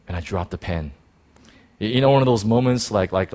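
A man preaching a sermon, telling a personal story in an excited, animated way with many restarts. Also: lowish voice, moderate pace.

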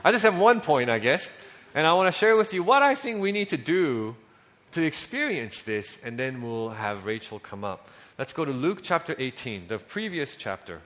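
A man preaching a sermon in a conversational way, often dropping soft on key lines. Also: a little high, sing-song, normal speed. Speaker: pastor.

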